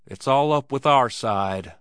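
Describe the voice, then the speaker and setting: A man's voice: medium pitch, measured pace, a bit bright, clear, resonant tone, dry recording, studio quality, lightly acted. A man voicing an old hotel keeper who gives stern orders and speaks with worry to his beaten son. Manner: stern, commanding. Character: old Irish-sounding hotel keeper, stern then tender father.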